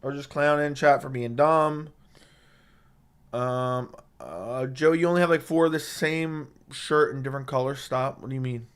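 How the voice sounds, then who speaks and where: A man with a sore throat chats casually on a live stream through a studio dynamic mic, reading viewer comments and bluntly trash-talking chat with plenty of profanity. His voice is medium-pitched and clean, with fairly even intonation and a normal speed.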